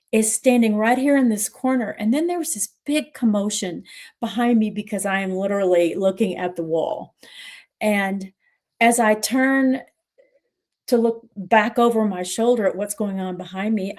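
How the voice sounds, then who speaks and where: Earnest middle-aged woman recounting. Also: mid-range voice. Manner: earnest, reflective, pauses and restarts, voice rising with emotion. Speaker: livestream moderator telling her story. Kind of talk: personal storytelling on a livestream.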